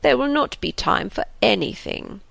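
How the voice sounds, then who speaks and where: A woman voicing a fretful, anxious elderly father in an audiobook, slow and sighing. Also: fairly high pitch, expressive, vocal fry, fairly bright tone, no room sound, voice pushed up, heavily acted.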